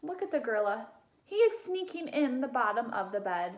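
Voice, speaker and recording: A young woman reading a children's picture book aloud as a teacher, gentle and animated, pausing to ask her listeners questions. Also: on the high side.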